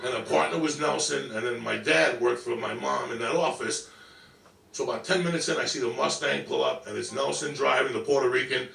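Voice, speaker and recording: A man telling a profane comedic story, brash and animated, swearing constantly, in an echoey clip heard from a distance. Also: medium pitch, fairly quick, vocal fry. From New York. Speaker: stand-up comedian. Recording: echoey clip picked up from afar.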